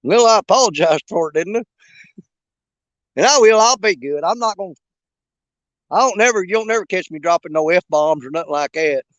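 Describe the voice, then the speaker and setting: A man's voice: high voice, lively intonation, brisk, long pauses, fairly bright tone, dry recording, lo-fi sound. A man hosting a fishing livestream from a riverbank outdoors, chatting casually in a folksy, joking, rambling way. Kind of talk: casual live chat while bank fishing.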